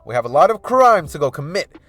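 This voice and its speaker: A brash gang leader with a loud, swaggering voice, as a man narrating a fan story puts him on. He booms out his lines with rough confidence. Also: very animated, a little fast, dry recording. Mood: boastful. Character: brash adult male scoundrel gang leader.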